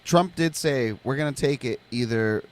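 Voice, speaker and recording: A man's voice: mid-range voice, moderate pace. A man talking casually on a podcast, starting his sentences hesitantly. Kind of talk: casual chat.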